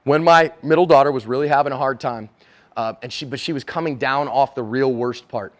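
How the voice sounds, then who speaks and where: A man's voice: mid-range voice, brisk. A middle-aged man giving a conference lecture as a self-defense instructor, speaking conversationally and acting out dialogue in character voices.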